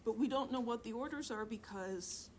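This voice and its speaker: A woman's voice: a little high, moderate pace, slight background noise. A middle-aged woman teaching a chemistry class, chatty and joking, asking students questions in a classroom. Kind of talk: classroom lecture.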